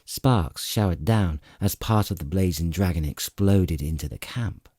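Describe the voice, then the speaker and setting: Deep, husky male audiobook narrator. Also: unhurried, no room sound, clean studio sound. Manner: dramatic, expressive storytelling. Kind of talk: scripted fantasy narration.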